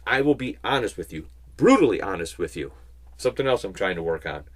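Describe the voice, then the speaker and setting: A man giving a casual Bible teaching, chatting with rambling asides and slowing down to stress key points. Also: low-pitched, very animated. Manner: conversational, rambling asides, slow emphatic stresses. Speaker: Christian speaker.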